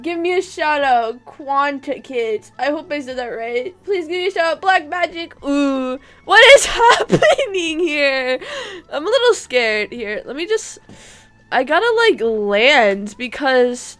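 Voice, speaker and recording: A young woman streams a game with a high voice and an unhurried pace. She chats casually and giggles a lot, breaking into excited squeals. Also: faint music behind. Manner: giggly, excitable, frequent bursts of laughter and squeals. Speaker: gaming live streamer. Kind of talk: casual live-stream chatter.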